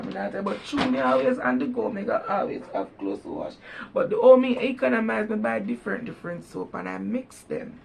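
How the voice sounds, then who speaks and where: A Jamaican woman talks to her viewers in a relaxed, chatty vlog, leaning hard on her points and calling out to them directly. Her voice is gravelly with a rough, creaky edge, and a faint hiss sits under it. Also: medium pitch. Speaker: vlogger. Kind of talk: casual chat.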